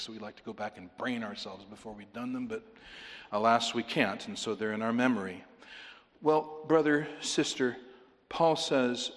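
A man preaches with earnest conviction, building from calm reasoning to emphatic pleading. His voice carries a long reverb tail, as though it fills a church sanctuary. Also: medium pitch. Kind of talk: sermon.

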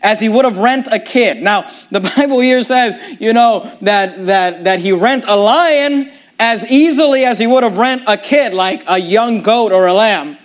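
A man's voice: high voice, measured pace. A man preaching a sermon, reading scripture aloud and asking his listeners pointed rhetorical questions.

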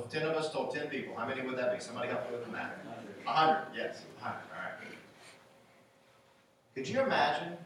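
A man's voice: mid-range voice, a bit bright, a little hiss or hum. A man preaching a sermon, conversational and encouraging, asking the congregation questions. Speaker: pastor. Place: church sanctuary. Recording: echoey room, voice from a distance.

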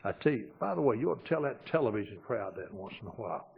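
Husky older preacher. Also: male voice, lowish voice, expressive, fast talker. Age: 60s. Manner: homespun, dips quiet then swells loud for emphasis. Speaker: pastor. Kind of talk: folksy storytelling sermon. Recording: dull lo-fi recording.

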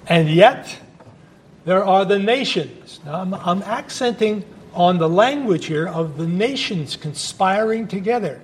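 A man's voice: high-pitched, lively intonation, measured pace, a little hiss or hum. A male pastor preaching a sermon at a church service in a conversational, emphatic way, with asides to the congregation.

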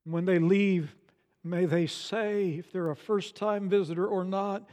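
Older male pastor preaching in a reverberant hall. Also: unhurried. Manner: swings from soft low asides to loud emphatic peaks. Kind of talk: sermon. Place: church sanctuary.

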